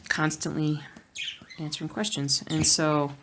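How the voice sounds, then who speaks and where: A woman's voice: sits low, little pitch movement, measured pace. A woman chatting casually while cross-stitching at home at night, rambling and humming nonsense sounds to herself. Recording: noisy home recording with birds.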